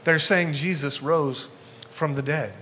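A male pastor preaching a sermon to a congregation in a church, energetic and conversational, getting fired up as he talks. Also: on the high side, slow, a little hiss or hum.

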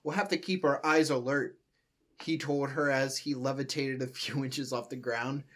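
A young man taking turns reading fan fiction aloud, halting and stumbling over words now and then. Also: medium pitch, steady tone, a bit bright. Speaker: co-reader.

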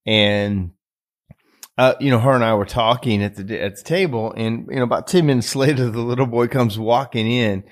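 A man's voice: mid-range voice, fairly even intonation, moderate pace. A man hosting a podcast, telling a story in a casual, earnest way that rambles with many fillers and restarts. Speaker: podcast host.

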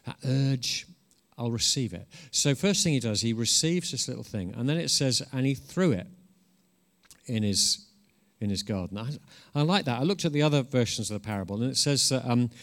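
A man's voice: mid-range voice, expressive, a little fast, hardly any pauses, fairly bright tone. A man preaching a conversational sermon. He is informal and earnest, restarts often, and swells into emphatic bursts.

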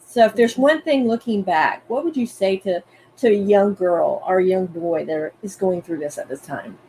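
A woman from North Carolina hosts an interview, asking questions in an easygoing conversational way. Her voice sits at a middle pitch. Faint background noise sits under the recording. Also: moderate pace, warm tone, poor audio. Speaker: podcast host.

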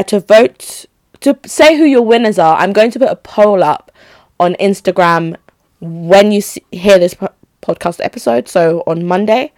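A young woman hosting a solo podcast, chatty and opinionated, her pitch jumping high when she makes a point. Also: no room sound. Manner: chatty, gossipy and opinionated, with lively pitch jumps. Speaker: podcast host. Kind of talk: casual solo podcast chat.

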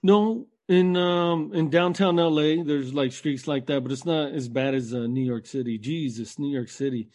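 A man's voice: a little high, moderate pace, few pauses, a little mellow. A man co-hosting a podcast, talking casually and rambling with lots of swearing. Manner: profane, rambling, says bro and man. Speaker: podcast co-host. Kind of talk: casual chat.

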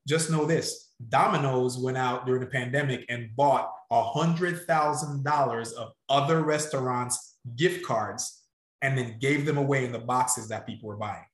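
A man's voice: mid-range voice, moderate pace, reverberant. A man coaching salon owners in a casual podcast chat, emphatic and direct, pushing listeners to act.

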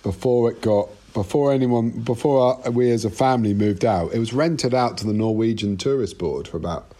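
A man's voice: mid-range voice, normal speed, warm tone. A man talking as an interview guest over a video call, rambling and self-interrupting, swearing freely.

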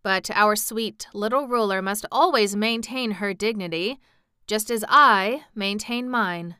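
Proud straw scarecrow, male, boastful, crisp and bright, read by a woman. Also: mid-range voice, measured pace, no room sound, studio quality.

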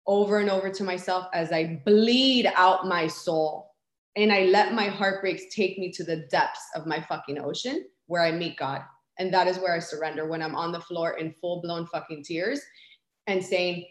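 A woman's voice: on the low side, steady tone, normal speed. A woman guest sharing candidly in conversation, raw and intense, swearing often as she talks about spirituality. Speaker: podcast guest. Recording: roomy echo.

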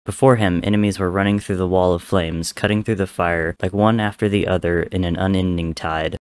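A man with a very low voice reads a story aloud. His delivery is measured and dramatic, with steady pacing through the narration. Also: clear, resonant tone.

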